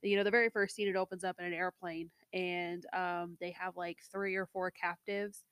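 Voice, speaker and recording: A woman's voice: lowish voice, level tone, moderate pace, fairly bright tone, smooth, dry recording, studio quality. A woman co-hosting a podcast, talking in a chatty, rambling way with lots of fillers. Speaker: podcast co-host. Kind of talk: casual chat.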